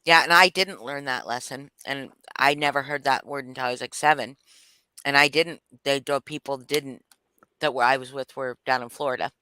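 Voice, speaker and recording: A woman's voice: rumbling low, steady tone, moderate pace, bright, forceful tone, clear, resonant tone. A woman hosting a livestream chat, talking frankly and bluntly. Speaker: livestream host. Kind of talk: casual chat. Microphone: streaming video call.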